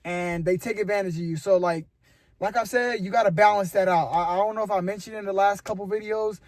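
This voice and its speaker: A young man talks straight to his camera in a loose, rambling vlog, earnest and encouraging, with "bro" dropped in everywhere. His voice sits high for a man. The recording is dry, with no room sound. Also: steady tone, fairly quick, dry recording. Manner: earnest and rambling, motivational, says "bro" often. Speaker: vlogger. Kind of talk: casual talk to camera. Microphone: camera mic.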